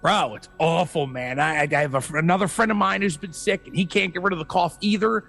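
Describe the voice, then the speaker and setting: A man's voice: high-pitched, quick pace, creaky, fairly bright tone, soft background music. A man co-hosting a podcast, chatting in a laid-back way while getting over a cold. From Philadelphia area. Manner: laid-back, says man and bro a lot. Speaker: podcast co-host. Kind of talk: casual chat.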